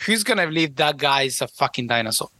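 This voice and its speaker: A man's voice: medium pitch, a little fast, dry recording. A man co-hosting a casual wrestling podcast, talking loosely and laughing, with some swearing. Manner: animated, laughing, loose profane talk. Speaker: podcast co-host. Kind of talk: casual chat, wrestling review.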